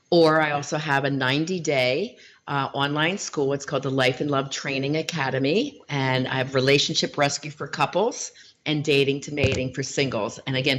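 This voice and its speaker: A middle-aged woman, a relationship coach as guest, telling client stories in a lively, animated way. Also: extremely low pitch, slight background noise. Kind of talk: interview storytelling.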